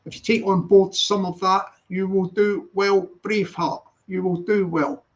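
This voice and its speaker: A man's voice: sits high, flat delivery, a little slow. A Scottish man hosting a casual live stream, upbeat and chatty, repeating his greetings. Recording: dull lo-fi sound.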